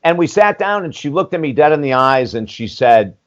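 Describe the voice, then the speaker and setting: Here the recording is lo-fi, and the man's voice runs on the high side at a brisk pace. He's a life coach in his sixties guesting on a podcast, recounting his story with candor and energy, acting out dialogue, repeating "you know," and cursing casually.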